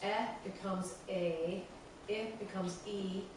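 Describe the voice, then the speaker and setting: A woman teaches a class a song line by line, repeating each phrase slowly and patiently. Her voice is picked up from across a large room, with heavy echo and a clear layer of room ambience under it. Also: medium pitch, steady tone, noisy background. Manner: patient, repeats lines slowly and breaks them down. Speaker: workshop teacher. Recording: far-off mic in a very echoey room, clear room ambience.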